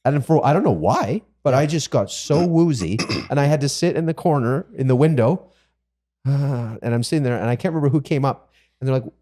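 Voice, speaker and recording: A man's voice: mid-range voice, brisk. A man co-hosting a podcast, telling a self-mocking story about a job-site injury in a casual way. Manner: self-mocking, animated when quoting himself. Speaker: podcast co-host, builder.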